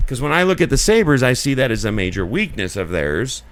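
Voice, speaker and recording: A man's voice: medium pitch, sing-song, fast, hardly any pauses. A man co-hosting a podcast in casual chat, talking in long earnest rambles full of filler likes. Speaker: podcast co-host.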